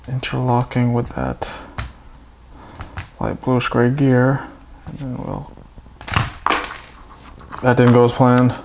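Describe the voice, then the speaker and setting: A man's voice: medium pitch, creaky, background noise. A man casually talking through a toy build, chatty with self-mocking asides.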